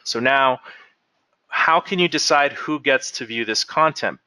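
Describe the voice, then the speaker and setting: A man leading a software training webinar, explaining settings step by step as he clicks through them. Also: mid-range voice, measured pace, no room sound. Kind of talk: screen-share software walkthrough.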